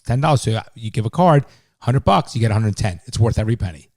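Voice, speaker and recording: A man's voice: medium pitch, lively intonation, fast talker, a little mellow. A middle-aged father co-hosting a podcast, talking in a blunt, heated way and swearing often in casual chat.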